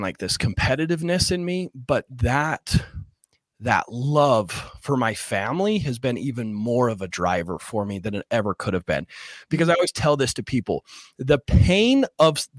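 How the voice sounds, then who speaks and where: A man speaking as a podcast guest, talking earnestly and casually with plenty of slang, now and then choked up. His voice is mid-pitched and sits dry and close to the mic. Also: no echo. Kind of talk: emotional interview storytelling.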